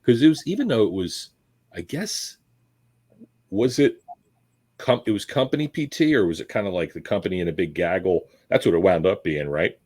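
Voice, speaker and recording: A man's voice: sits low, animated, moderate pace, a little mellow, husky. A man hosting a casual chat, talking bluntly and swearing freely. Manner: blunt, profane, conversational. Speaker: host.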